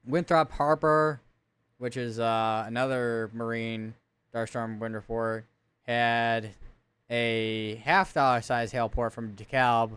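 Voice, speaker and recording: A man's voice: medium pitch, level tone, slow pace, a bit bright, clean tone, no room sound. A man giving live severe weather coverage, reading out storm reports and town lists and correcting himself as he goes. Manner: thinks aloud, reads town lists, corrects himself often.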